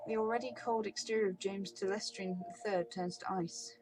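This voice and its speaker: A woman reading a role-playing game's text aloud in a steady, descriptive way as a let's-play narrator. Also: medium pitch, moderate pace, hardly any pauses, rough recording.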